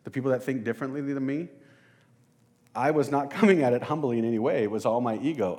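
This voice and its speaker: A man's voice: medium pitch, fast talker, a little mellow. Casual conversational male preacher. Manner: conversational, self-deprecating, addresses listeners as "you guys". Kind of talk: casual sermon.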